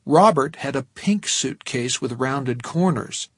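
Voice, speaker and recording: A man narrating a novel in the first person, measured and tense. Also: medium pitch, lively intonation, slightly rough, no echo, clean studio sound. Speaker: audiobook narrator.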